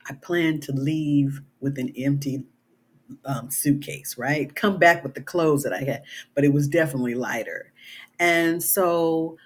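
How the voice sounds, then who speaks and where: Slow, husky middle-aged woman. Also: sits low. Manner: earnest, conversational, many "you know" and "right?" tags. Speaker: author. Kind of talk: casual vlog talk.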